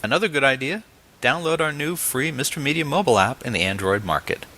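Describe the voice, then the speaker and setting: Bright, lively-voiced male radio host. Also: medium pitch, quick pace. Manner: friendly, laughs often. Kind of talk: interview and scripted show outro.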